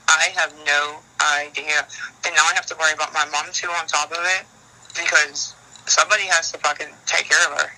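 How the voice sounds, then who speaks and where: Bright, tense woman swearing on the phone. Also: low voice, flat delivery, fairly quick, rough recording. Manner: frank, swears often, rambling and worried. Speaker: caller in a leaked phone call. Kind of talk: casual phone chat.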